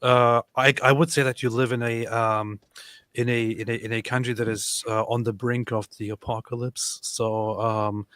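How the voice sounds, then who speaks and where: A man co-hosting a livestream, reading viewer messages aloud in a loose, halting manner full of fillers and restarts. His voice sits at a middle pitch and sounds dry and close to the mic. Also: level tone, fairly bright tone, dry recording. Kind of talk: casual chat.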